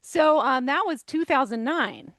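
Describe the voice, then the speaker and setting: A woman from central Pennsylvania with a Pennsylvania accent, a guest telling lively stories in a casual interview. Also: high voice, unhurried, no room sound. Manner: lively storytelling, laughs often. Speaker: guest, consultant.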